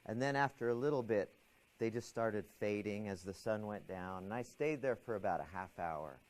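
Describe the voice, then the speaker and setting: A middle-aged man teaching a stress management class, telling a personal story in an animated, expressive way with frequent restarts. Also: lowish voice.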